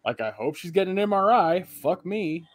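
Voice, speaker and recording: A man's voice: sits high, lively intonation, moderate pace, no room sound, studio quality. A young man and podcast co-host, casually telling long, profane, rambling stories about work and home. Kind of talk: casual chat.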